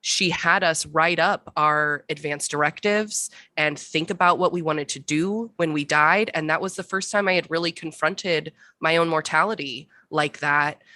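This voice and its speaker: A woman with a very low yet sharp, forceful tone hosts a book club chat. She speaks earnestly and with rising passion. Her voice sounds dry, with no room echo. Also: moderate pace, hardly any pauses. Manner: earnest and impassioned. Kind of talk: casual conversation.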